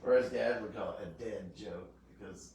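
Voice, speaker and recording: A man's voice: fairly low pitch, moderate pace, a loud crowd. Chatty man in a roomy echo. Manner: relaxed, chatty, tells dad jokes. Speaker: co-host. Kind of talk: casual chat. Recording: echoey room, far from mic, faint background ambience.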